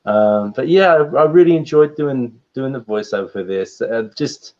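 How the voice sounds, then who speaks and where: A man, a guest voice actor, chatting in a relaxed, rambling way on a livestream call, laughing often. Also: mid-range voice, normal speed. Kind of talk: casual livestream chat. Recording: dull lo-fi stream audio.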